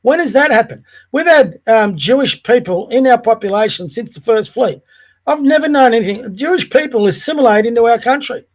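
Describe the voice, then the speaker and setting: A man's voice: very high-pitched, expressive, fairly quick. A middle-aged Australian man hosting a podcast, delivering an indignant, ranting monologue full of rhetorical questions. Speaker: podcast host.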